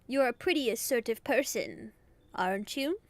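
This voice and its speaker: A woman's voice: fairly high pitch, expressive, no echo, lightly acted. A woman doing a smug southern-belle fortune teller. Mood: smug mystic. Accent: put-on American Southern. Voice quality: slow southern twang. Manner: mystical, condescending, drawn-out.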